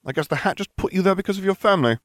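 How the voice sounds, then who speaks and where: A man's voice: high-pitched, expressive, racing, dry recording, studio quality, voice pushed up. Harry, a smug, cocky teen wizard, voiced by a man. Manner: smug, teasing.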